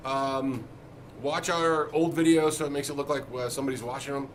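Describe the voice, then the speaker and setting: Shop co-host: man, casual jokey banter, mid-pitched, with steady background noise. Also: fairly quick. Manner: loose, joking, swears casually. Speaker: co-host of a music shop Q&A show. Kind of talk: casual chat. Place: music shop.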